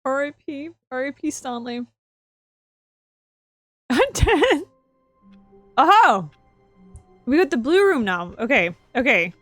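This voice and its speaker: A woman streaming a video game, commenting excitably and repeating phrases over and over into a close microphone. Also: high-pitched, slow pace, long pauses, no room sound, faint music behind. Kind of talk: let's play commentary.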